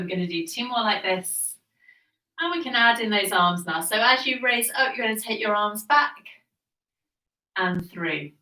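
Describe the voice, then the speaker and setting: Leading a guided Pilates workout, a female instructor gives calm, encouraging cues and counts breaths, sounding a touch out of breath herself. Her voice is mid-range, bright and slightly sharp, and it sits back from the mic, recorded from a distance in an echoey room.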